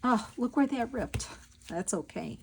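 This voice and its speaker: A woman's voice: fairly high pitch, animated, a little slow, gravelly, background noise. A woman hosting a crafting video, chatting casually and telling stories while she works. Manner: chatty, storytelling, thinks aloud while working. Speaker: crafting channel host.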